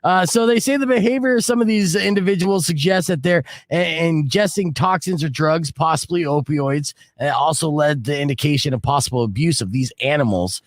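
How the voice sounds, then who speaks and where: A man's voice: on the high side, brisk, few pauses, no echo. A middle-aged man hosting a radio show, telling stories with casual banter and dry punchlines into a studio mic. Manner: lively, jokey storytelling with dry punchlines. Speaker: radio and stream host.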